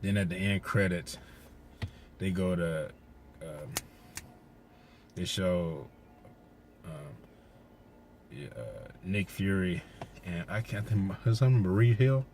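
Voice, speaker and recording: A man casually recapping a movie's plot, rambling, swearing and getting excited as he retells scenes. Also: low voice, slow pace, pauses often, a little hiss or hum. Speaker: movie reviewer.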